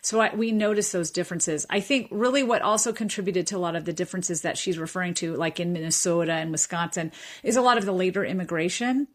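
A woman professor of linguistics explaining speech differences in a radio interview, measured and thoughtful with frequent fillers and restarts. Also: on the low side.

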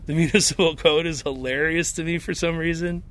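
A man from Chicago with a Chicago accent, a podcaster talking in a wry, animated way. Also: on the high side, brisk. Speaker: podcaster and musician. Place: vintage shop with clothing racks.

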